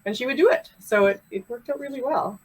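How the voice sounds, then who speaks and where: A woman's voice: sits high, expressive, fast talker, a little mellow, breathy edge, rough recording. Canadian pharmacist woman telling stories. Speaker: pharmacist and coach, podcast guest. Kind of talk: casual interview chat.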